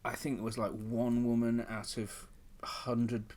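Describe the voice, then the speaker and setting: Man, middle-aged, comedian guest, podcast chat, animated bawdy storytelling, mid pitch. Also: unhurried. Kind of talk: podcast conversation, anecdotes.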